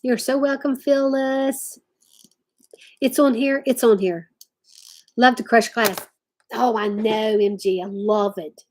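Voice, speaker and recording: A woman's voice: on the high side, fairly even intonation, slow, pauses often, a little mellow. A woman hosting a casual craft livestream from home, chatting and reading viewer comments aloud. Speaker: livestream host.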